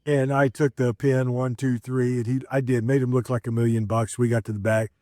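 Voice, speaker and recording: A man's voice: mid-range voice, little pitch movement, a little fast, darkish tone, no echo, clean studio sound. A middle-aged man, a former wrestler, telling stories in a casual, rambling way with lots of fillers and restarts. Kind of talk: casual storytelling.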